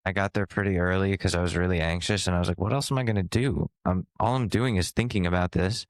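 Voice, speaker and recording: A young man co-hosting a podcast, telling a story in a loose, animated way, swearing and laughing as he goes. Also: low-pitched, fast talker, no echo. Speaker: podcast co-host. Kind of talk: casual storytelling chat.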